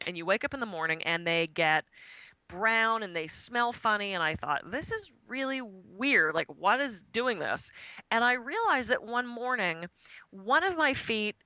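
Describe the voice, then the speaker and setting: A woman being interviewed as a guest author, talking in an animated, chatty way and laughing often. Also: mid-range voice, clear, resonant tone, no room sound, poor audio. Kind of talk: radio interview.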